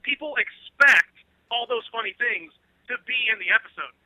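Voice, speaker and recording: A man's voice: extremely high pitch, animated, normal speed, pushed and bright, dry recording. A man guesting on a talk show, rambling and self-deprecating as he explains his process over a dull phone line. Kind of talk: casual interview over the phone.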